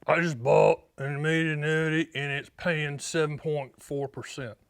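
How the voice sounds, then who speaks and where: A man doing a slow North Carolina drawl of a male client. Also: a little high, little pitch movement, creaky, clear, resonant tone, dry recording. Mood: matter-of-fact.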